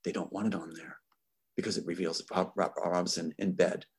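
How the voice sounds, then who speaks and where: Husky, angry man. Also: sits low, fairly even intonation, fairly quick, a little mellow. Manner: angry and emphatic, accusatory. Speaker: interview guest. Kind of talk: impassioned interview talk.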